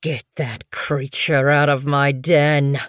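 A deranged old male medicine cat snarls his warnings, as a woman narrator puts him on. The voice growls low and slow, with a dry, close sound. It is storybook acting. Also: steady tone, no room sound. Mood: snarling.

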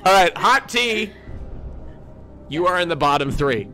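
A man's voice: high-pitched, animated, unhurried, bright, forceful tone, soft background music. A man hosting a dating game show stream, announcing who is safe and who goes to the bottom three, joking and laughing as he goes. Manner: jokey and teasing, laughing between lines. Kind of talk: announcing eliminations in a playful game-show manner.

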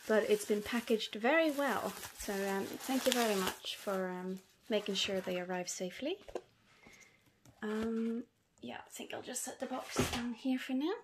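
A young woman vlogging as she unboxes pet snails, soft-spoken with frequent ums. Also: a little high, measured pace, background noise. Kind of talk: casual unboxing vlog.

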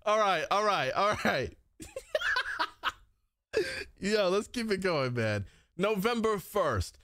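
A young man livestreaming and reacting to his chat, loud, excitable and swearing, recorded on a desk mic indoors. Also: high voice, slow, long pauses, no room sound. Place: indoor streaming setup.

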